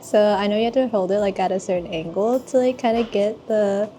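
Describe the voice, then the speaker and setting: A woman's voice: mid-range voice, fairly even intonation, fairly quick, mellow, slight background noise. A woman helping with a handwriting demo, talking casually and hesitantly with many fillers and repeated words. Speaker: guest helper. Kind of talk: casual demonstration.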